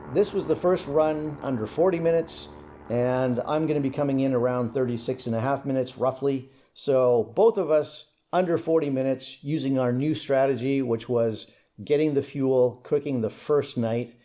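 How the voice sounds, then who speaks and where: A young man giving relaxed, casual commentary over his own gameplay, thinking aloud as he plays. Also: mid-range voice. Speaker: gaming commentator.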